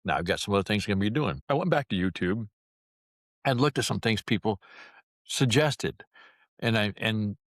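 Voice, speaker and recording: A man in his sixties talks casually to the camera, with folksy, self-mocking humor. His voice is fairly low, and his delivery rises and falls a lot. The sound is dry and close. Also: expressive, normal speed, pauses often, dry recording. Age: 60s. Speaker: vlogger.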